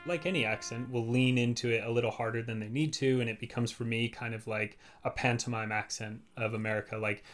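A man, a working actor, chatting casually and telling lively stories, now and then slipping into quick impressions. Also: medium pitch, faint music behind. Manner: animated storyteller, drops into quick impressions. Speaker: actor, podcast guest. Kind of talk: casual chat.

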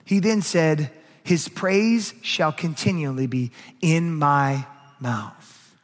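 A middle-aged man, a pastor preaching a sermon with emphasis, dropping to a hush and then rising again. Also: fairly high pitch, slow pace. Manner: emphatic preaching, swings from hushed to raised. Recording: long hall reverb.

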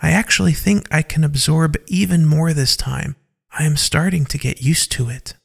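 A man voicing a gentle female teammate who reassures a frightened friend. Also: a little high, steady tone, normal speed, gravelly, husky, pitched above the performer's own voice. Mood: soothing. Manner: soft, reassuring. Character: gentle soothing woman teammate.

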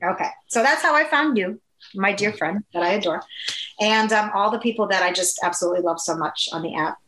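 A woman from the Upper Midwest of the US, telling an emotional personal story as an interview guest, earnest, with halting restarts. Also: mid-range voice, a bit bright, roomy sound, poor audio.

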